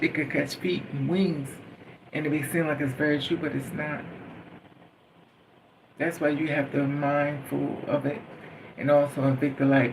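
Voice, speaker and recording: Earnest man, gravelly, far from the mic. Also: on the high side. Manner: earnest, rambling, repeats phrases like a chant. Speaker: vlogger. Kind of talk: casual spiritual monologue. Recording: noisy, from a distance.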